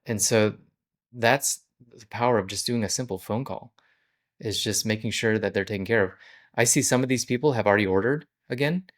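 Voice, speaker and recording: Speaking a little fast in a fairly low voice, a business owner talks through his plans in a relaxed vlog. Each step gets a plain, conversational explanation of how he runs things.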